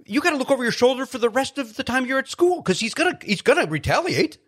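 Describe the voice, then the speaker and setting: A man, telling stories as a podcast guest in an animated, joking way. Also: very high-pitched. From South Side of Chicago. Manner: animated storyteller, quick jokey asides. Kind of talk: casual chat.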